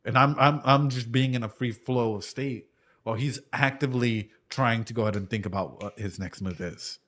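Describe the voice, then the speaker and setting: A man in his thirties chats casually while reacting to an anime, drifting into a long, rambling story from his life as a martial arts coach. His voice sits at an ordinary middle pitch. He swears now and then and keeps checking in with "dude" and "right?". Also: normal speed, a bit bright.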